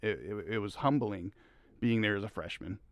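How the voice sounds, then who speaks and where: A middle-aged man, a high school track coach, telling rambling stories as a podcast guest, laughing often. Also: normal speed, dry recording. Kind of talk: casual podcast conversation.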